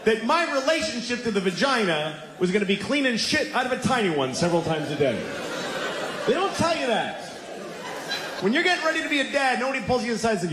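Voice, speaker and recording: Exasperated stand-up comic man, lively pitch. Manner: exasperated, deadpan storytelling with sudden yelled bits. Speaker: stand-up comedian. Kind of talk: stand-up routine. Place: theater stage. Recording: echoey theater with audience noise. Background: audience laughter.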